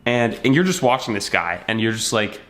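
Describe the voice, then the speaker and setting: A man's voice: lowish voice, animated, brisk, a bit bright. A man giving a casual motivational talk to camera, telling a story and acting out bits of dialogue in a conversational way. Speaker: self-help video creator.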